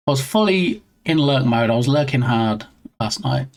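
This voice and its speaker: A man's voice: mid-range voice, animated, moderate pace. A man streaming live while he works on his game, chatting casually and answering viewers in a self-deprecating way.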